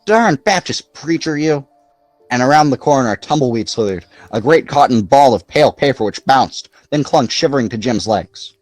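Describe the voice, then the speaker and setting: A man narrating a novel aloud in an expressive, lively storytelling manner. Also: medium pitch, brisk, few pauses, dry recording, faint music behind. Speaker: audiobook narrator. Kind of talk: scripted narration.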